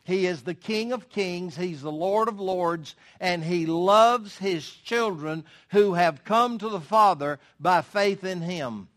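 A man's voice: high voice, slow, hardly any pauses, a bit bright. A man preaching a sermon, reading scripture aloud and explaining it verse by verse with emphatic, rhetorical questions.

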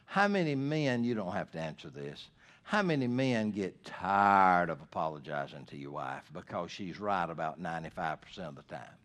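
A man delivers a sermon from the pulpit. He preaches earnestly, rising to loud, emphatic points and dropping to low, hushed asides. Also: lively intonation, moderate pace. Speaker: pastor.

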